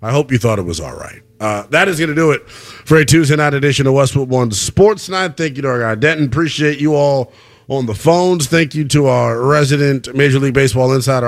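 A man's voice: mid-range voice, brisk. A man hosting a sports radio show, joking around and signing off the night's program. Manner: playful, joking, lively delivery. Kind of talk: casual radio chat and show sign-off.

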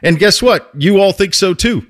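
A man hosting a talk show, telling a casual, animated story with frequent restarts and laughs. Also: high-pitched, moderate pace. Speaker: host.

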